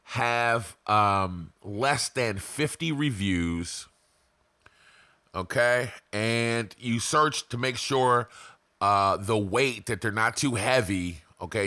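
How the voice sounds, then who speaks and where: Low, bright-voiced man teaching casually. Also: dry recording. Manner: profane, conversational, laughs often, checks in with "right?" and "okay?". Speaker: online business course host. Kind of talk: casual screen-share tutorial. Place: home, abroad.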